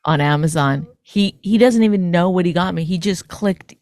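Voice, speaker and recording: A woman co-hosting a podcast, teasing her partner in a dry, low-key way. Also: normal speed, darkish tone, dry recording. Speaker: podcast co-host. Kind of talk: casual chat.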